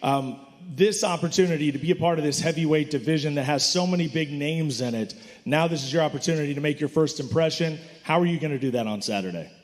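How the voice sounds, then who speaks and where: A man's voice: on the high side, quick pace, long reverb tail. A man hosting a fight press conference, asking fighters questions in an enthusiastic, hyping manner. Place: hotel conference hall.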